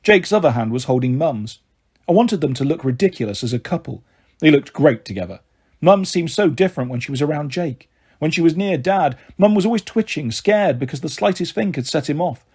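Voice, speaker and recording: A man reading a children's novel aloud in a steady storybook narration. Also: a little high, fairly quick, husky.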